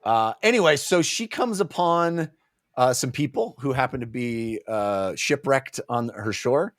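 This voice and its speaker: A man co-hosting a casual book-club podcast, talking eagerly and halting often with fillers. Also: medium pitch, animated, dry recording, clean studio sound. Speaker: podcast co-host.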